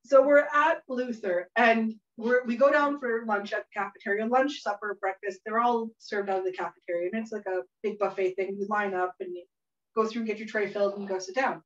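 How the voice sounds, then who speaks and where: At a cooking workshop, a Canadian host with a medium-pitched, steady voice speaks briskly, laughing frequently through a chatty, humorous story as she cooks. The room echoes, the mic is far off, and the sound is dull.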